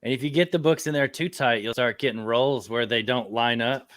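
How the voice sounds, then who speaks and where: A man's voice: mid-range voice, brisk, fairly bright tone, no echo. A man in a casual group chat, telling rambling stories about his collection. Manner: rambling storyteller, laughs at own stories. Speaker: comic collector.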